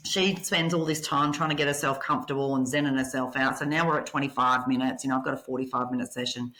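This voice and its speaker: A woman podcast guest telling candid personal stories, blunt and animated, swearing freely. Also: very deep voice, fast talker, low-quality recording.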